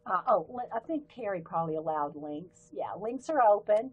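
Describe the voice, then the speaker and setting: The audio is narrow and tinny as a woman hosts a laid-back art livestream, her animated, slightly rough mid-range voice carrying a light Southern US accent at normal speed. She demonstrates pens and markers while chatting, rambling and getting sidetracked easily.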